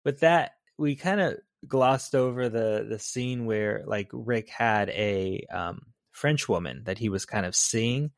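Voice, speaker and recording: A man's voice: fairly low pitch, takes it slowly, hardly any pauses, dry recording, clean studio sound. A man co-hosting a podcast who talks casually and teasingly about a film, with fillers. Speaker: podcast co-host. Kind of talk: casual movie discussion.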